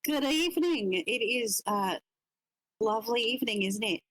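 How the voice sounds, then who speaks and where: A woman's voice: fairly high pitch, lively intonation, normal speed, a bit bright, no room sound, poor audio. A woman voicing Priscilla, a polite and coy female investigator making formal small talk at a party. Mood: courteous.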